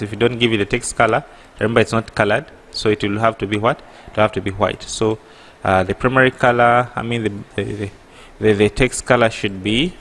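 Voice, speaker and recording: A man with an East African accent teaching an app coding tutorial, halting and correcting himself, often pausing with a rhetorical "what?". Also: lowish voice, a bit bright. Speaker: programming tutor. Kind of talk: screen-recorded coding tutorial.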